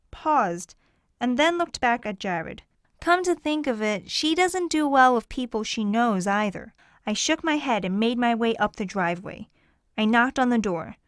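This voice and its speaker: A woman with a fairly high voice reads a first-person audiobook, telling the story clearly and expressively. The recording is dry and close, with no room sound. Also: expressive, moderate pace, a bit bright, no room sound. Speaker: audiobook narrator.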